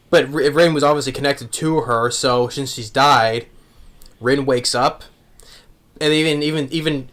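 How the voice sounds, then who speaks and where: A man's voice: mid-range voice, fairly bright tone. A man casually recapping an anime episode, rambling with many restarts and fillers. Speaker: anime reviewer.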